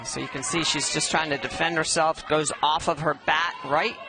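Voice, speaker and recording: A woman's voice: low-pitched, steady tone, normal speed, loud music behind the voice. Female color commentator, encouraging, praising players, crowd noise behind. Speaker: color analyst. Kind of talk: live softball color commentary. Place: outdoor ballpark broadcast booth.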